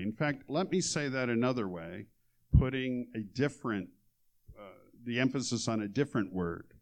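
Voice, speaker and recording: A man preaching a sermon, reading scripture aloud with emphatic, measured delivery. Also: mid-range voice, lively intonation. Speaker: pastor.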